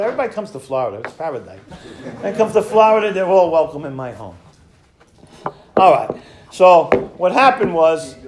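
A man with a notably high voice gives a personal recovery testimony, speaking in a loose conversational way. He slips into acting out past exchanges and laughs at himself now and then. The sound carries a clear room echo. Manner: conversational storytelling, acts out past dialogue, chuckles at himself. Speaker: speaker sharing a recovery story. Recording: echoey room.

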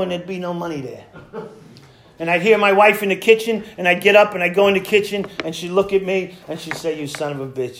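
High-voiced man telling his story in an echoey room. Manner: conversational storytelling, acts out past dialogue, chuckles at himself. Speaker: speaker sharing a recovery story. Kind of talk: personal testimony at a recovery meeting.

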